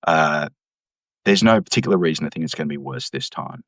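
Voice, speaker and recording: A man, an economics professor, explaining policy in an interview with an emphatic, animated delivery. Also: a bass voice, a little fast, dry recording. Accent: Australian. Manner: animated, emphatic, mimics voices when quoting.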